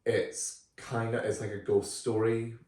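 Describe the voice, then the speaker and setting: A relaxed, chatty man with a fairly low voice talks through films as a podcast co-host. He sits back from the mic in an echoey room. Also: measured pace. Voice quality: relaxed, chatty with frequent fillers. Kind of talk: casual film review chat. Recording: roomy, distant from the mic.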